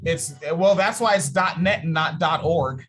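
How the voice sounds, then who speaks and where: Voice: mid-range voice, unhurried, fairly bright tone, breathy edge, soft background music. A podcast host from Washington State, chatting casually, profane and rambling.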